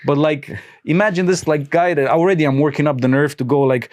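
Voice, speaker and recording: A man's voice: a little high, brisk, hardly any pauses. A man hosting a podcast, telling a story in casual chat and acting out the lines he quotes. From Romania. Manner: animated, acts out quoted lines with laughs. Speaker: podcast host.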